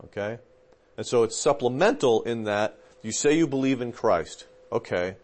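A man teaching as a pastor, chatty and informal, often pausing on fillers and checking in with his listeners. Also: mid-range voice, animated, a little mellow. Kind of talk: conversational teaching.

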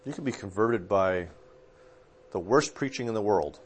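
A man's voice: lowish voice, moderate pace, slight background noise. A man, a pastor, talking through theology in a casual discussion, rambling a little and correcting himself as he remembers. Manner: relaxed, rambling, with fillers and self-corrections.

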